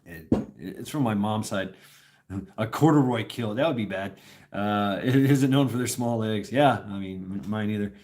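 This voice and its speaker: A man's voice: on the low side, moderate pace, a little mellow, slight background noise. A man talking in a casual, rambling livestream chat, restarting sentences often and chuckling as he goes. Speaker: host.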